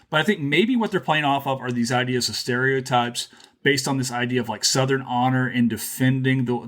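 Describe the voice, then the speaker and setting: Joking, animated male podcast host. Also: medium pitch. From Louisiana. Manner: animated, joking, quick asides. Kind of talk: casual chat.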